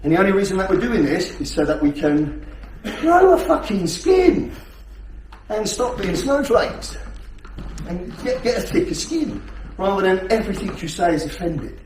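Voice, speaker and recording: A blunt man teaching a class, swearing freely and checking in with rhetorical questions. His voice sits a little high for a man. He is picked up from a distance in an echoey hall, with faint room noise behind him. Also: big pitch swings, normal speed, darkish tone. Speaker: self-defence instructor.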